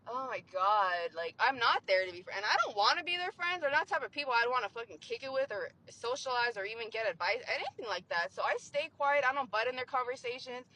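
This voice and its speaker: A young woman vlogger with a slightly high, sharp-toned voice vents about her job on a rough recording. She rambles casually, frustrated and profane, swearing often and peppering her speech with "like."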